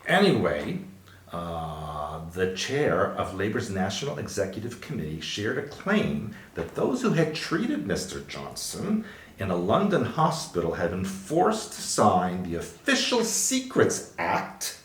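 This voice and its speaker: Male podcast co-host, low and lively voice, casual news read with wry asides, echoey room. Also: measured pace. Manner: reads headlines aloud with wry asides. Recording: roomy echo.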